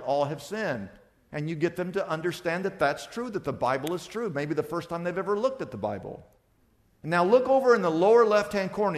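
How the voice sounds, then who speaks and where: A man preaching a sermon as pastor, acting out little conversations and swinging between loud and soft. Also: high-pitched, big-room sound. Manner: animated preaching, acts out little dialogues with shifts of loudness.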